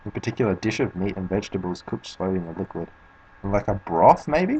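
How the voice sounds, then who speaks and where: A man's voice: low voice, animated, a little fast, a little mellow, slightly rough, rough recording. A man with an Australian accent, a speedrunner chatting casually and rambling with plenty of swearing while he plays. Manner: rambling, swears a lot, laughs at himself. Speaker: speedrunner streaming. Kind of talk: casual commentary while playing.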